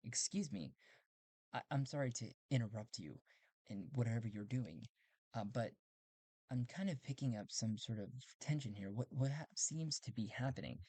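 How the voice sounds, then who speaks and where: A courteous human traveler in space , voiced by a man, talks in a plain, even, mid-range voice. He is polite and a little unsure of himself, and he stumbles over his words now and then. The voice is close and dry. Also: mid-range voice, moderate pace, husky, no room sound. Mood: cautious. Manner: courteous and a bit hesitant.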